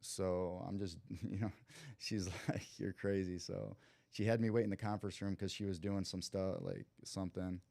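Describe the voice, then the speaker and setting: A man's voice: deep voice, moderate pace, creaky, no echo. A young man from Cleveland, a podcast guest, telling a long story in casual slang and acting out the lines of the people in it. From Cleveland, USA. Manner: lively storyteller who acts out quoted dialogue; loose slang and frequent "like" fillers.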